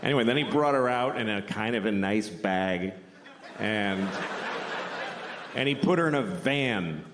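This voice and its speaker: Man, middle-aged, stand-up comedian, deadpan, lively pitch swings, roomy live club sound, noisy. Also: unhurried. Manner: deadpan, with sudden loud shouting bits. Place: comedy club stage before a laughing audience.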